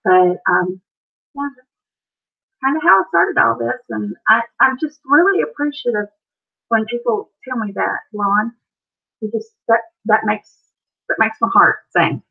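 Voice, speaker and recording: A woman's voice: a little high, animated, measured pace, creaky, pauses often, slightly rough. Appalachian American woman hosting a live stream, chatty, reads viewer comments, slightly muffled home audio. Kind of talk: casual live stream chat.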